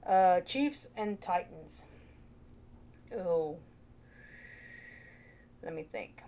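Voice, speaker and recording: A woman's voice: lowish voice, expressive, extremely slow, dark tone, slight background noise. A woman hosting a casual vlog, chatty and playful, thinking aloud into her own microphone. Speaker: vlogger host.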